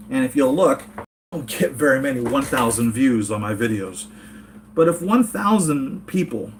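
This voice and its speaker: Brief: rambling, earnest American male toy-collector host at home, mid-range voice, faint background hum. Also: medium pitch. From United States. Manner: rambling, earnest, reads chat comments aloud. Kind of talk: casual live-chat vlog.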